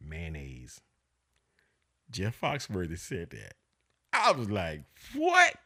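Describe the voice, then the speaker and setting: A middle-aged man, a father co-hosting a podcast, talking in casual chat with drawn-out phrasing and loud laughter. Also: low-pitched, wildly swooping pitch, dry recording, studio quality.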